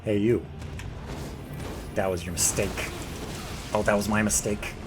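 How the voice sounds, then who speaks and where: A man's voice: on the low side, fairly even intonation, normal speed. A man giving casual, jokey let's play commentary, talking to the boss as he fights it. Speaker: gaming video creator. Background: game music.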